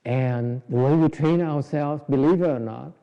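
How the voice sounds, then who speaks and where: A man's voice: on the high side, normal speed. A man giving an informal, joking dharma talk on meditation, with many restarts. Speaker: Buddhist meditation teacher. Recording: dull lo-fi recording in a reverberant hall.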